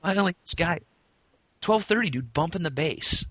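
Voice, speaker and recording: Man, thirties, casual profane storyteller, bright tone, dry close sound. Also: fairly high pitch, moderate pace, dry recording. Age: 30s. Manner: profane, laughing, animated storyteller.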